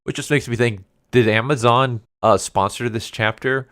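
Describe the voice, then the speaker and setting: A man's voice: mid-range voice, steady tone, normal speed, fairly bright tone, no room sound, clean studio sound. A man casually recapping a manga story, chatty and amused, with many fillers. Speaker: manga reviewer.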